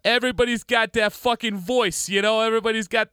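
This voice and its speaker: A man's voice: sits high, quick pace, hardly any pauses, bright, forceful tone, smooth, no echo, studio quality. A man co-hosting a comedy podcast in crude, joking, rambling casual chat. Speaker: podcast co-host.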